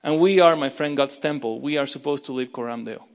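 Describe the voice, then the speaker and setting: A man preaching a sermon as pastor, impassioned, with frequent repeats and restarts, swinging between urgent loud lines and hushed ones. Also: mid-range voice, a little fast. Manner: repeats words and restarts mid-phrase. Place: church sanctuary. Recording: long reverb of a large church.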